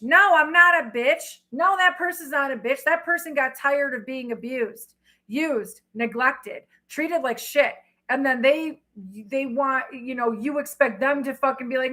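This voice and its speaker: A woman's voice: high voice, moderate pace, bright, forceful tone, poor audio. A middle-aged woman, a tarot reader, talking to her livestream chat in a blunt, emphatic way that is full of profanity. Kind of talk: casual livestream talk.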